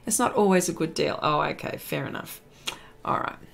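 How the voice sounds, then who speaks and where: A woman's voice: low-pitched, expressive, normal speed, gravelly. An Australian woman live streaming her drawing, chatting casually, reading viewer comments aloud and laughing often. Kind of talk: casual chat while drawing.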